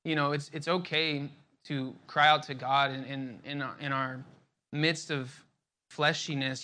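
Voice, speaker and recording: Young man, bright tense voice, slightly high, casual bible teaching, lots of "like" and "you know". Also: level tone, a little slow. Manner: conversational, many fillers and repeated words.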